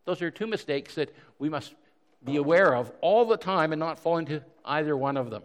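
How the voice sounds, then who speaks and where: A man's voice: on the high side, fairly quick. Preaching man in a reverberant hall. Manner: earnest, with frequent word repeats and rhetorical questions. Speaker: pastor. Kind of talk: sermon.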